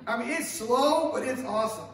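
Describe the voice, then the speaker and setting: A man's voice: extremely high pitch, moderate pace. A middle-aged male pastor preaching a sermon, telling stories with acted quotes and asides. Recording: echoey room picked up from a distance.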